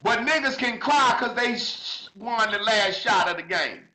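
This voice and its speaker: A man crying as he preaches to his viewers, swearing freely and swinging from shouts to quiet asides. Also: sits high, animated, unhurried, roomy sound, rough recording. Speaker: social media commentator. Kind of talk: emotional monologue to viewers.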